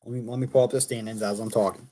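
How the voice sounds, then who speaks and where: A man's voice: lowish voice, steady tone, very fast, dark tone. A man hosting a casual sports talk show. He is an opinionated fan who thinks aloud, corrects himself, and reads statistics off the screen.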